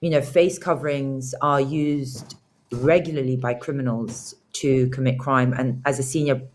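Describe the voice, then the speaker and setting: A woman's voice: a bass voice, fairly even intonation, a little slow, a little mellow, slight background noise. A woman, a senior prosecutor from Britain, speaking as a guest in a political interview over a video call, emphatic and repeating phrases as she builds her points.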